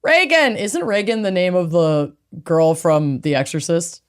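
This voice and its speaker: A woman's voice: fairly low pitch, unhurried, smooth. A woman co-hosting a true crime podcast in casual chat, with dry, blunt reactions. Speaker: podcast co-host.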